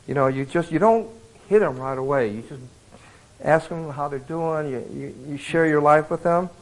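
A middle-aged man giving a conversational sermon at a retreat, telling stories in a folksy, animated way with many fillers and restarts. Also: on the high side, moderate pace, poor audio. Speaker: retreat speaker. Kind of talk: conversational sermon with acted anecdotes.

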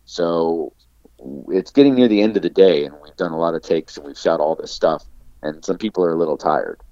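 A very low-voiced man recounts a story in a loose, animated way, peppering his sentences with "like." His voice comes through dry and a bit dull, as on a lo-fi recording. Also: brisk, no room sound. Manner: animated storyteller, heavy use of "like" fillers. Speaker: podcast guest, actor. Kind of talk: casual anecdote-telling.

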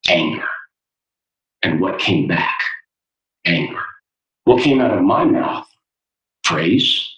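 A man voicing a calm, wise father who patiently teaches his son, told as part of a story in an interview. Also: deep voice, slow pace, muffled recording, full character voice. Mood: gentle, instructive. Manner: patient, instructive. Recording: roomy, distant from the mic.

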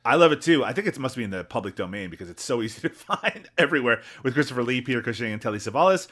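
A man's voice: medium pitch, animated, racing, a bit bright. A man co-hosting a podcast in casual movie chat, swearing freely and laughing between remarks. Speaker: podcast co-host.

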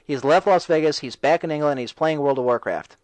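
A man's voice: a little high, a little fast, a little mellow, dry recording, low-quality recording. A man hosting a casual talk radio show, reading and answering chat messages in a sarcastic, ranting way.

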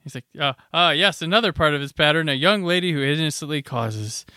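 A man co-hosting a podcast, relaxed and rambling as he recaps the episode. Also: fairly high pitch, a little fast, no room sound, studio quality. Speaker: podcast co-host. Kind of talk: casual chat.

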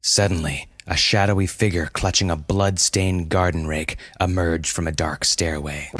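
A man reading a story aloud in a steady, dramatic narration. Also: low voice, normal speed, hardly any pauses. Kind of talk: scripted narration. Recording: music playing under the voice.

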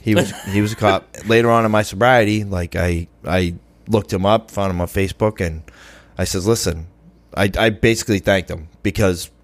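A man's voice: lowish voice, steady tone, moderate pace. A man tells a gritty story from his past. His talk is loose and profane, and he acts out the people he quotes. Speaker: podcast guest in recovery. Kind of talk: casual storytelling.

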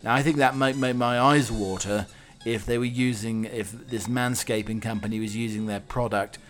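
A man's voice: medium pitch, fairly even intonation, normal speed, faint music behind. A man hosting a comedy podcast, reading out news items with dry, wry asides. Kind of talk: comic monologue reading news stories.

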